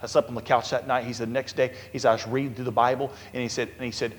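A male pastor preaching a sermon, telling a story with sudden swings from loud urgency to a hushed, quiet voice. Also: mid-range voice, little pitch movement, fast talker, long reverb tail.

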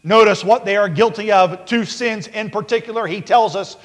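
A man preaching a sermon as pastor, with many fillers and restarts, building to repeated shouted warnings. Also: high voice, normal speed. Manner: preaching with rising shouts and repetition. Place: church sanctuary. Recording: long hall reverb.

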